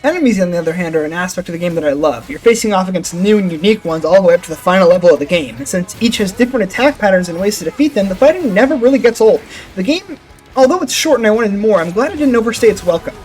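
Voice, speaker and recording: A man's voice: high-pitched, animated, racing, a little mellow, faint music behind. A young man hosting his gaming channel, narrating a game review voice-over in a jokey, sarcastic way with casual swearing.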